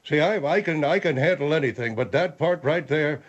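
Guy doing a stiff polite old general, stammers, kinda high, muffled sound. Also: fairly quick, close to an everyday voice. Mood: prim. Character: stiff, formal older military man.

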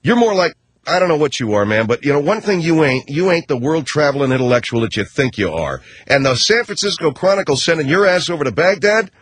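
Husky, combative ranting man. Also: fairly high pitch, sing-song, brisk. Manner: combative, sarcastic, mocking. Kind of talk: radio rant.

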